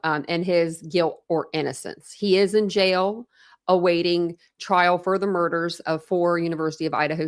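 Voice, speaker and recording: Chatty woman with a low voice. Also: dry recording, clean studio sound. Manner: chatty, thanks viewers by name, frequent ums and laughs. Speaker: true crime livestream host. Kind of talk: casual livestream chat and reading aloud.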